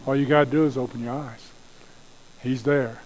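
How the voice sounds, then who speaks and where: Male pastor, mellow tone, earnest sermon delivery. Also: mid-range voice, fairly even intonation, normal speed, a little hiss or hum, poor audio. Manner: earnest preaching, dropping to soft prayer.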